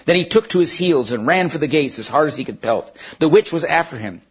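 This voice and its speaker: A man retelling and reading a children's novel aloud in a plain, somewhat halting way. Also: on the high side, animated, breathy edge. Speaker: storyteller. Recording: dull lo-fi recording.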